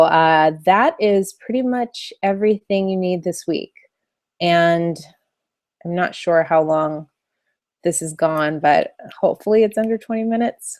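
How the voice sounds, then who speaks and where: A woman's voice: on the low side, darkish tone, no echo, clean studio sound. A woman coaching in a casual video training, chatty and loose with many fillers. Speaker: online business coach.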